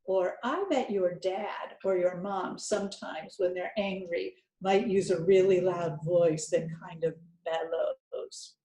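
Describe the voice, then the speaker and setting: Speaking slowly and encouragingly, a woman thinks aloud while teaching children a reading lesson. Her mellow, soft-edged voice is fairly low and steady in tone, with some room echo in the recording.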